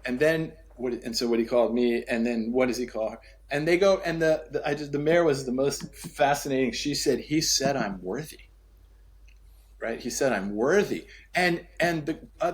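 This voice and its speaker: A man telling a story as a podcast guest, acting out the dialogue with sweeping pitch and repeating key phrases for emphasis. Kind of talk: storytelling in conversation.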